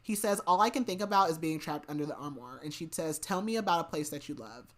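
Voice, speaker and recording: Woman, podcast host, casual book recap, talkative, slightly low pitch, frequent asides. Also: expressive, quick pace. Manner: chatty retelling, heavy use of "like" and "basically"; laughs and adds asides.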